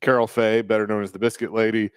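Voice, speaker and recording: A man's voice: on the low side, flat delivery, fast, clear, resonant tone, no room sound. A male radio host in casual banter, telling a rambling story into a studio microphone with chuckles.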